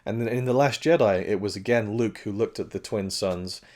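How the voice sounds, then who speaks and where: A man's voice: on the low side, moderate pace, a little mellow. A man reviewing a film in casual talk. His voice is strained and cracking, and he rambles with frequent restarts and self-corrections.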